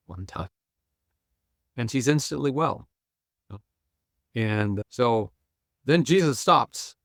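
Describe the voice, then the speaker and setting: An older man with a low, gravelly voice retells scenes as a guest scholar and pastor. He slips into the characters' lines and chuckles as he talks. The sound is close and dry. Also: dry recording. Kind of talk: animated storytelling on a podcast.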